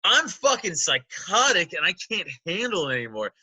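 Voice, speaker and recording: A man in his thirties hosting a casual podcast, swearing freely and laughing often. His voice is high and very bright. He is recorded close on a dry mic. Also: normal speed, breathy edge, no room sound. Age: 30s. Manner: profane, animated, laughs often. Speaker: podcast host. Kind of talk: casual chat.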